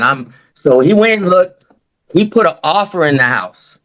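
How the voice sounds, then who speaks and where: A man's voice: a little high, lively intonation, moderate pace, a bit bright, low-quality recording. A man, a new real estate agent, sharing a win on a group video call. He rambles and speaks in slang, acting out the people in his stories. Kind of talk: casual storytelling on a group call.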